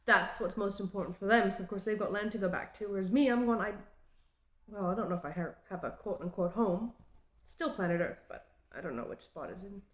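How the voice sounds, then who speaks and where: A woman from Australia in her late twenties or thirties, with an Australian accent, talking in a halting and reflective way in a personal vlog. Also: medium pitch. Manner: halting and reflective, with frequent restarts. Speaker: vlogger. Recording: roomy echo.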